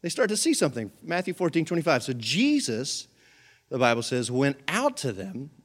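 A male pastor preaching a sermon with humorous, animated storytelling. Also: fairly high pitch, moderate pace.

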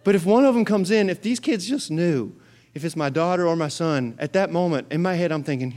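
A middle-aged man preaching with a notably high-pitched voice. He is animated and often swells into loud, fervent prayer. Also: quick pace. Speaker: pastor. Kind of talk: sermon.

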